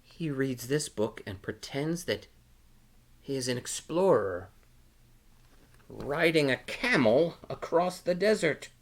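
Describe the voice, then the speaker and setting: A man reading a picture book aloud to children at storytime, animated and stopping to ask them questions. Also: medium pitch, takes it slowly, pauses often. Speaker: storytime reader.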